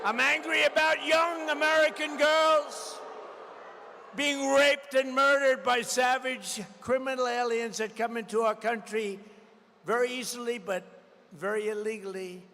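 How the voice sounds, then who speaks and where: A man giving a campaign rally speech, combative and repetitive, hammering slogans with bursts of shouting. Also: very high voice, steady tone, a little slow, slight background noise. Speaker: political candidate at a rally. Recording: long reverb of a large rally venue.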